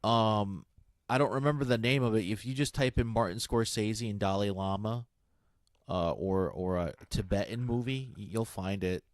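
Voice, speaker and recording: A man's voice: lowish voice, moderate pace, dry recording. A man in casual chat, rambling with lots of fillers and restarts. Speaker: guest on a comic stream.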